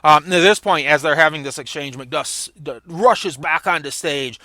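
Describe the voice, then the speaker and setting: Male lecturer with a bright, slightly high voice; reads play passages with emphasis, then explains them. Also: lively intonation, normal speed, no room sound. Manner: reads quoted lines with rising emphasis, frequent restarts. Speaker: literature lecturer.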